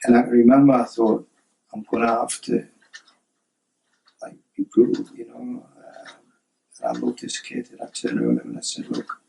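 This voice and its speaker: Gravelly man telling his story. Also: mid-range voice, very animated, moderate pace, long pauses, mellow, a little hiss or hum, rough recording. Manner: rambling, conversational, full of "you know" and "right?". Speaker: author and journalist. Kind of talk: personal storytelling.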